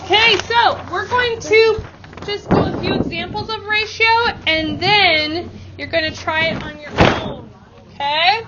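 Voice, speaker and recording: A woman's voice: very high voice, unhurried, highs cut off, very noisy. A woman math teacher giving classroom instruction, upbeat and leading call-and-response chants with her students.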